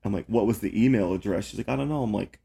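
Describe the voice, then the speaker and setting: A man's voice: lowish voice, rapid-fire, gravelly, dark tone, breathy edge. A young man hosting a casual podcast chat, telling rambling stories full of swearing and fillers. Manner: profane, rambling storyteller with lots of fillers. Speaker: podcast host.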